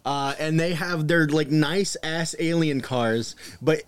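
A man's voice: a little high, takes it slowly. A man co-hosting a casual chat, presenting research with wry asides. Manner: reads out sources with wry asides. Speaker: podcast co-host presenting research.

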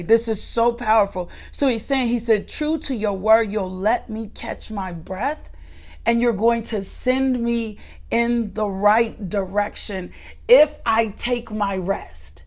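A woman's voice: on the high side, slow pace. A woman leading a morning devotional, moving from murmured repeated thanks into emphatic, restless preaching with many fillers and restarts. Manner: fervent, repetitive prayer building to emphatic preaching; fillers and restarts, talks directly to listeners.

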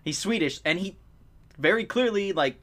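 A man's voice: high voice, lively intonation, moderate pace, a bit bright. A man in casual podcast chat, rambling and laughing as he retells movie scenes.

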